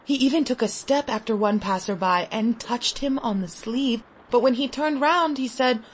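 A woman reading a literary short story aloud in an expressive, dramatic storytelling manner. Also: a little high, moderate pace, hardly any pauses, slightly rough, low-quality recording. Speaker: story reader.

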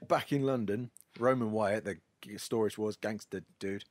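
Low-voiced man recapping a film. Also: moderate pace, no room sound. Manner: wry, storytelling. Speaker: podcast host.

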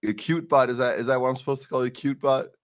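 A man from Denmark with an American accent, joking as a contestant on a group voice call over a quiet microphone. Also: steady tone, quick pace. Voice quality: quiet, low-level microphone. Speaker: dating show contestant. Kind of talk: casual group voice chat. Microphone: quiet headset or desk mic on a call.

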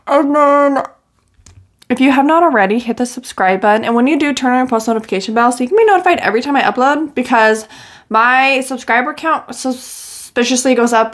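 A young woman gushing and squealing as she reacts to music for her vlog, chatty and full of fillers. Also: high voice.

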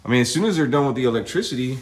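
A young man vlogging casually around his farm and new house, chatting, laughing often and using high baby talk with the animals. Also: expressive, rapid-fire, slight background noise. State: soaked from rain. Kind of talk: casual vlog narration. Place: outdoors on a farm, and a house under construction.

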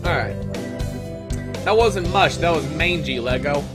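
A man's voice: a little high, unhurried, long pauses, over music. A man streaming a game, making casual, profane, joking asides. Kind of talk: let's-play commentary.

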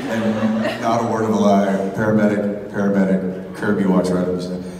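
A man's voice: on the low side, moderate pace, very noisy. Echoey far-off man telling a story. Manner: animated, laughing anecdote delivery. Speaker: convention stage emcee. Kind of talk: storytelling to a live audience. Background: loud crowd and music.

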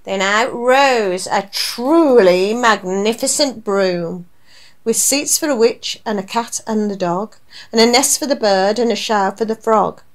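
A woman radio presenter giving an expressive, rhyming reading of a children's story. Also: medium pitch, unhurried. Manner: rhyming, animated delivery.

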